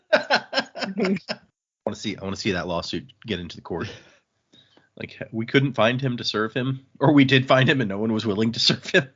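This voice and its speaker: A man with a slightly husky voice recaps a book for a podcast, his pitch swinging widely as he acts out the lines. The audio is a bit dull and lo-fi. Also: moderate pace, long pauses. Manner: animated, acts out characters' lines while recapping. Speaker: podcast co-host. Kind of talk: casual book discussion.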